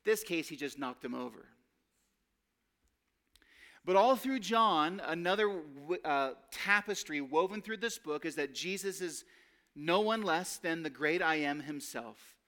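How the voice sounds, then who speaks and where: A man delivering a sermon in a fairly high voice. He speaks earnestly and pushes up on the phrases he wants to land. He slows and drops lower when he reads scripture aloud. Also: expressive, fairly bright tone. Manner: earnest preaching that rises on key phrases. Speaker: pastor.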